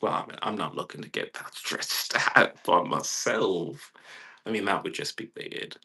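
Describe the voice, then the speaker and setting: A man's voice: deep voice, unhurried, sharp tone. A man vlogging an emphatic, profane rant, repeating himself and swearing often. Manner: emphatic, repetitive, heavy swearing. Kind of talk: profane ranting monologue.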